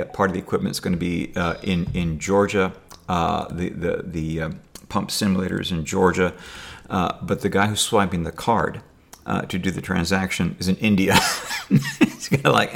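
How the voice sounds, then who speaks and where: Low gravelly man rambling sarcastically. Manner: dry sarcastic humor, halting with many fillers and restarts. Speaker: video diarist. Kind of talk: rambling personal monologue.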